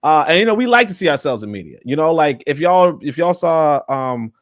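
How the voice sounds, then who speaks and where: A man's voice: fairly high pitch, animated, a little fast, no room sound, clean studio sound. A man hosting a livestream podcast, talking in a loose, rambling way with many fillers and asides. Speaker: podcast host. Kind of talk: casual livestream talk.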